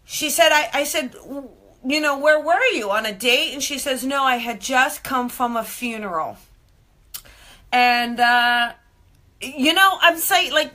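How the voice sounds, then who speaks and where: Bright, chatty woman medium. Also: high voice, unhurried. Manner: animated, chatty, acts out quoted voices. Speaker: medium and show host. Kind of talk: live-streamed casual storytelling.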